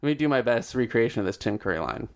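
A man in casual chat, swearing a lot, joking and slipping into quick voice impressions. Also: mid-range voice, expressive.

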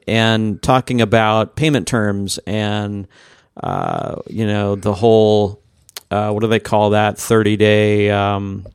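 Smooth-voiced, hesitant male podcast co-host. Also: fairly low pitch, dry recording, studio quality. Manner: hesitant, many fillers. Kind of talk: casual podcast chat.

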